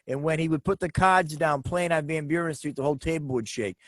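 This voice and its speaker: A middle-aged man co-hosting a casual chat, telling family stories in an animated way and repeating words for emphasis. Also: fairly high pitch, brisk, dry recording. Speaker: co-host.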